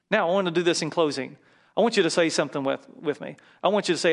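A man's voice: fairly high pitch, rapid-fire, vocal fry. A man preaching a sermon as a pastor in a church, leading his congregation in call-and-response and prayer.

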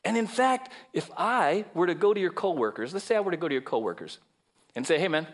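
A middle-aged male pastor preaching a sermon in a church, animated, acting out voices and dropping into soft asides. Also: high voice, a little fast. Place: church sanctuary.

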